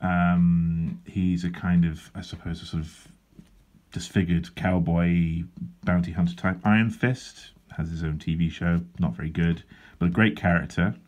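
Deep-voiced man with dry rambling humour. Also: fairly even intonation, measured pace, a little mellow. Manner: dry, self-deprecating humour with rambling asides. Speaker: comic artist. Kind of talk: casual drawing vlog chat. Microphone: handheld wobbling camera.

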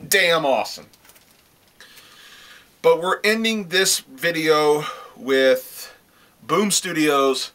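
A man with a fairly high, bright, forceful voice reviews comic books for his channel. He gushes and swears freely, often repeating his praise for emphasis. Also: extremely slow, pauses often. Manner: gushing praise, repeats himself. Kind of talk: casual video review.

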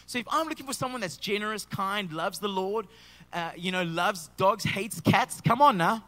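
Pastor guy, high bright voice, joking around mid sermon, echoey church hall. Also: moderate pace. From South Africa. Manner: energetic, joking preacher calling out to the congregation. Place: church auditorium. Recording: live church hall reverb.

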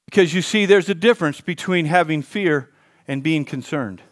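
A man pastor preaching a sermon, swinging between hushed intensity and fired-up exclaiming, calling on the congregation to repeat lines after him. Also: on the high side, moderate pace.

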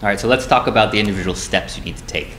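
Deep-voiced man lecturing in an echoey room. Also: racing, a bit bright. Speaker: business school instructor. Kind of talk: recorded lecture. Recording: echoey room, faint noise.

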